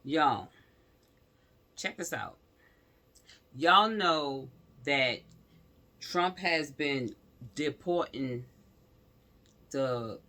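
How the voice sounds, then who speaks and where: A vlogger gives casual spoken commentary to his viewers, talkative and calling them y'all, and he grows heated as he goes. His voice is on the high side, bright and forceful.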